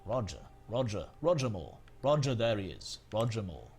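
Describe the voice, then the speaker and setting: A suave older gentleman spy, drawling his words low, slow and smooth. The voice sits deep and unhurried, as a man puts it on for a bit of fun. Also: very animated.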